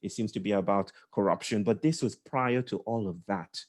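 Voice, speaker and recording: A man's voice: lowish voice, normal speed, a little mellow. A man leading a session, telling a reflective story with repeated words, laughs and asides. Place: indoors.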